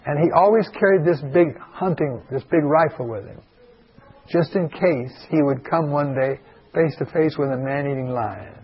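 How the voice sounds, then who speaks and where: A man's voice: a little high, moderate pace, breathy edge, lo-fi sound. A man who is a pastor, telling a folksy, rambling story with many asides to an audience in a meeting hall. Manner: rambling, digressive, full of asides.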